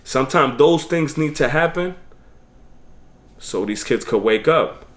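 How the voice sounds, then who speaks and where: A man's voice: mid-range voice, expressive, measured pace. A man giving preachy, streetwise life advice in a casual motivational monologue.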